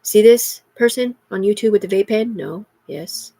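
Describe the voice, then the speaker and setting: A woman's voice: mid-range voice, normal speed, warm tone. A middle-aged woman in an agitated, rambling livestream monologue, heavy with profanity.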